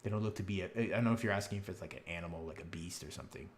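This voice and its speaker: A man narrates a tabletop game as game master, with a lowish voice. He rambles and fills his pauses with many ums and uhs. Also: slight background noise.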